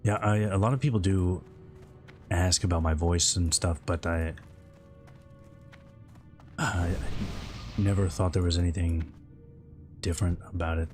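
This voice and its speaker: A man with a very low voice and a slightly scratchy throat, rambling in a relaxed way while he streams a game. He talks a touch loud into a close mic, with faint music playing behind him. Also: unhurried, pauses often. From American Midwest. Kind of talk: casual chat while gaming.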